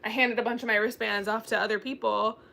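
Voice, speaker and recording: A bright, fairly high-voiced young woman chats casually about books. She tells her story in a bubbly way and acts out the dialogue as she goes. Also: steady tone, fast, gravelly. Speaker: book channel host. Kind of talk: casual chat.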